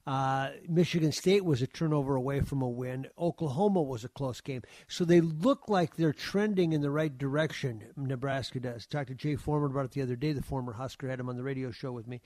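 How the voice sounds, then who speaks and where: A man's voice: mid-range voice, a little fast, few pauses, darkish tone, no echo. A man talking casually on the radio as a sports reporter, easygoing, with many fillers and restarts.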